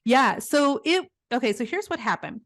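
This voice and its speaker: A middle-aged woman guest in an interview, telling stories in an earnest, animated way. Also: sits high, moderate pace. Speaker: guest, business coach. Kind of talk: conversational interview.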